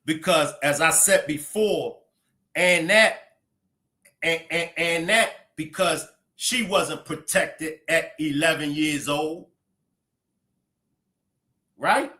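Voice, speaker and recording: A man's voice: on the high side, slow, pauses often, pushed and bright. A man hosting a commentary livestream, blunt and profane, scolding in heated outbursts.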